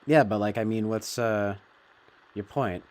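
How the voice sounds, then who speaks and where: A man's voice: fairly low pitch, unhurried, a little mellow. A man giving a meandering commentary, heavy on fillers and swearing. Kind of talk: casual rambling commentary.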